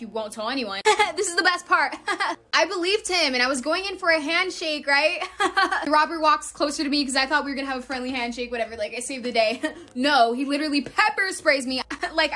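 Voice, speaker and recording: A young woman with a high, bright voice tells a story casually. She giggles her way through it, in a loose chatty manner.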